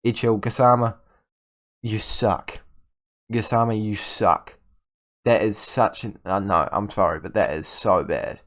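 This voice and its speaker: A man's voice: lowish voice, unhurried, a bit bright. A young man giving casual commentary on his football management game, getting frustrated with his team and stammering through restarts as he rants at the players. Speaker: gaming YouTuber.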